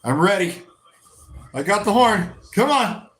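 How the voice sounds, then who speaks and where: A man hosting a football watch-along, reacting live with excitable shouting and frequent swearing. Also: sits high, unhurried.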